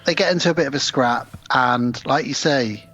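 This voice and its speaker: A man's voice: mid-range voice, moderate pace, sharp tone. A man co-hosting a podcast, casually retelling a film plot with sweary asides and acted-out quotes. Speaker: podcast co-host. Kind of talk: casual film recap chat. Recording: dull lo-fi podcast audio.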